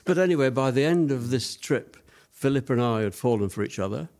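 An older man recalls his past for an interviewer in an ordinary mid-range voice. He wanders through his story, pausing on fillers and restarting sentences as the memories surface. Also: mid-range voice, lively intonation, darkish tone. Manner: rambling reminiscing with many fillers. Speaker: interview guest.

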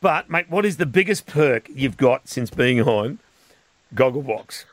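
A man's voice: medium pitch, lively intonation, measured pace, no echo. A man with an Australian accent hosting breakfast radio, joking and laughing often with his guests. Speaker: radio host.

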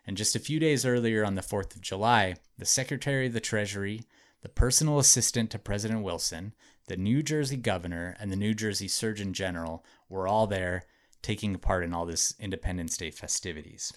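A man's voice: lowish voice, a little fast. A man hosting a podcast, telling a true story to friends in a chatty way, with lots of "like" and "um". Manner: chatty, hedging with frequent "like" and "um". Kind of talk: casual storytelling narration.

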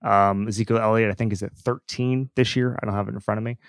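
A man's voice: lowish voice, fairly even intonation, quick pace, no echo. A man hosting a sports podcast, talking casually and emphatically with frequent restarts. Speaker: podcast host.

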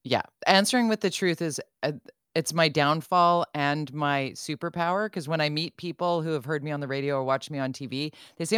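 A woman's voice: low voice, fairly quick, a bit bright, clean tone, dry recording, clean studio sound. A woman hosting a talk radio show, chatting candidly with a guest and laughing easily. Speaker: radio host.

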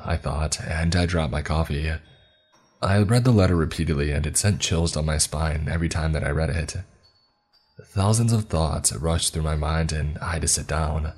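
A man narrating a horror story in first person, in a steady, grave tone. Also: a bass voice, moderate pace, husky, soft background music.

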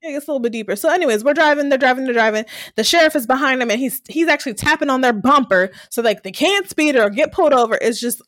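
A woman's voice: high-pitched, fast talker, fairly bright tone, no room sound, clean studio sound. A young woman from Delaware, co-hosting a podcast and animatedly retelling scenes from a TV series, laughing often. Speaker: podcast co-host recapping a TV series. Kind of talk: casual chat.

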